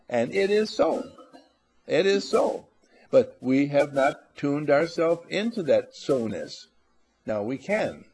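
A man's voice: medium pitch, darkish tone, slightly rough. A man giving an inspirational talk, playful, acting out little scenes and repeating phrases for emphasis. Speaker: motivational speaker.

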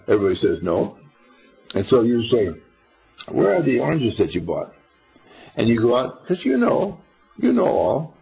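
A man's voice: medium pitch, creaky, darkish tone, breathy edge, rough recording. An older man giving an informal spiritual talk to a small group, folksy and rambling, quizzing his listeners as he goes. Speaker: spiritual teacher.

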